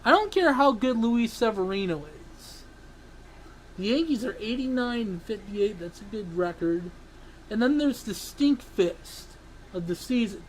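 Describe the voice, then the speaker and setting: A sports vlogger ranting angrily, swearing and breaking into sudden yells, then apologizing for them. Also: medium pitch, lively intonation, normal speed, a little hiss or hum, poor audio. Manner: ranting, swearing, bursts into yelling; self-interrupting, apologizes for yelling. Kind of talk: angry sports rant.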